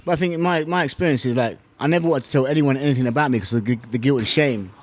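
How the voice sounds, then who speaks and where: A man's voice: medium pitch, racing. A middle-aged man, telling his story as a podcast guest, candid and blunt, heavy with slang and swearing. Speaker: podcast guest, former fighter. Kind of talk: emotional storytelling.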